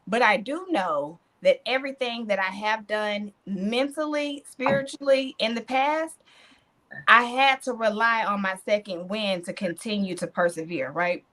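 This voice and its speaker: A woman hosts a casual podcast, her voice sitting at an ordinary middle pitch. She tells stories in an animated way and drops in churchy affirmations as she goes. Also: a little slow. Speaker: podcast host.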